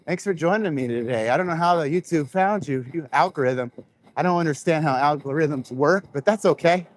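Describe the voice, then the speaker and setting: A man's voice: on the high side, fairly quick, slight background noise. A man chatting casually to his viewers while walking laps outdoors, talking into a microphone close to his face. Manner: chatty, rambling, addresses viewers directly. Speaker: vlogger. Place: outdoors on a walk. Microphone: clip-on microphone close to face.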